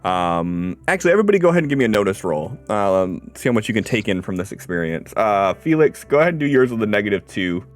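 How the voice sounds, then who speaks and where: A man running a tabletop game as game master, narrating in a halting way full of ums and uhs. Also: lowish voice, big pitch swings.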